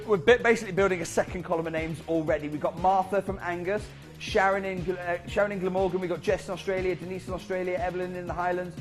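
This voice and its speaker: A man presenting live on a shopping channel, talking viewers through a sale with an urgent, chatty sales pitch. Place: TV studio.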